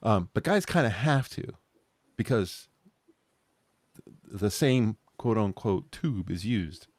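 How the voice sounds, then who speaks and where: A man's voice: fairly low pitch, expressive, takes it slowly, no room sound. A man co-hosting a podcast in loose, rambling chat, cracking jokes and laughing at his own asides. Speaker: podcast co-host. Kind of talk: casual chat.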